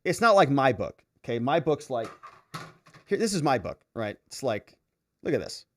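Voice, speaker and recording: Lively, chatty male livestream host. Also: medium pitch, normal speed, a little hiss or hum. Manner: chatty, reads comments aloud with asides and laughs. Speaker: host reading viewer comments. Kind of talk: casual livestream chat.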